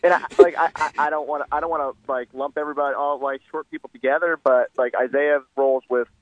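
A man guesting on a sports radio show who talks fast and rambles, often restarting his sentences. His voice sits in a middle pitch. The recording is dry and close. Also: fairly even intonation, dry recording, highs cut off. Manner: rapid, rambling, many restarts. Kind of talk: casual radio interview.

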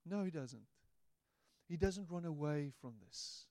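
A man preaching a sermon, playful and animated, slipping into little voices to act out quotes. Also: on the high side, a little slow, no echo, studio quality. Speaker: pastor.

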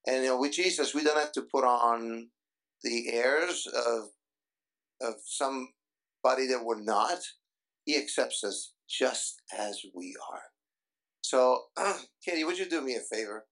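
A man pastoring a church service, talking in a halting way with many fillers. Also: medium pitch, gravelly, a bit bright. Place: church before a congregation.

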